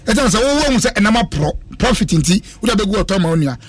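A man's voice: high-pitched, big pitch swings, brisk, breathy edge, dry recording. A man hosting a casual radio chat, joking and preaching in turn and switching languages as he talks.

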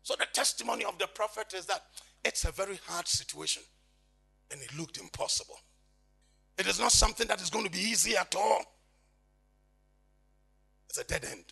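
A man preaching an impassioned sermon, swinging between quiet reading and shouting. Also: sits high, expressive, a little fast, creaky, long pauses, breathy edge, faint music behind.

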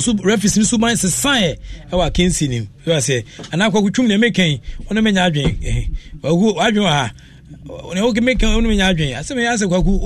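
A Ghanaian man talking through sports news on the radio in a slightly high voice. He rambles loosely, full of fillers and restarts, over a faint hiss. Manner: rambling, switches between Twi and English with many fillers. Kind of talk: casual sports radio talk.

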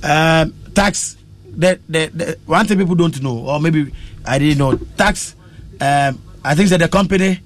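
A woman's voice: low-pitched, unhurried. A Ghanaian woman musician, a guest in a casual interview, mixes English and Twi and often breaks into chanting and song.

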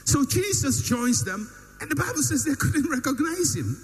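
A man's voice: extremely high pitch, big pitch swings, normal speed. A man preaching a sermon, with emphatic, repetitive build-ups and rhetorical questions. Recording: long hall reverb with faint hum.

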